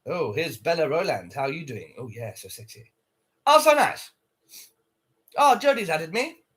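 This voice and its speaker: A man with a husky, slightly high voice chats on a livestream, bluntly answering viewers and swearing freely. His pitch swings widely as he talks, giving him a lively, up-and-down delivery. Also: moderate pace. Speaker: livestreamer reading chat. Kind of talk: casual livestream chat.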